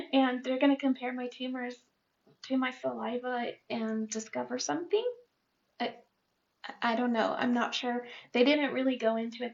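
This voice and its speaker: A woman's voice: on the high side, gravelly, dull audio. A woman in her fifties, talking candidly in a chatty personal vlog update. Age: 50s. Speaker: vlogger.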